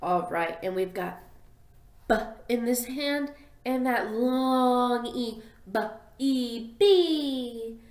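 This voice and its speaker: Slow, sing-song young woman teacher. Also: fairly high pitch. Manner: slow, sing-song, sounds out letters clearly. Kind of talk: phonics lesson for young children. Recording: echoey room.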